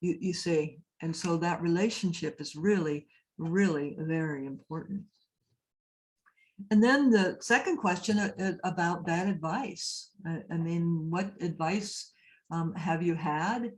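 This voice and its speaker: A woman's voice: fairly low pitch, slow, darkish tone. A woman priest giving a conversational lecture, telling stories and often turning to ask her listeners questions. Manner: storytelling, often asks the audience questions. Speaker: priest and labyrinth teacher giving a talk. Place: cathedral speaker event.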